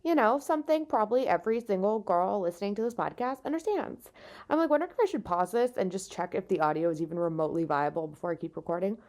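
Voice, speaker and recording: Here a stand-up comedian runs her podcast solo from bed, using a makeshift setup rather than a proper mic. Tired out, she vents candidly with heavy swearing and jokes at her own expense, talking quickly in an expressive, medium-pitched voice with a darkish tone.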